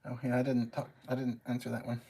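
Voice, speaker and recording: A man hosting a casual livestream while he cooks. He talks in a chatty, expressive way and laughs easily. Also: mid-range voice, quick pace, gravelly. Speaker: cook and livestream host. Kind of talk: casual live-stream chat while cooking.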